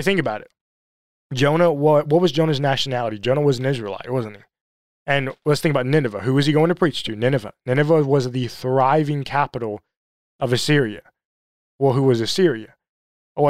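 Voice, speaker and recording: A man's voice: medium pitch, dry recording. Earnest, emphatic man preaching in a dry room. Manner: earnest, emphatic, with rhetorical questions; leans hard on repeated phrases. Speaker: Bible teacher. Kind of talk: sermon-style Bible study talk.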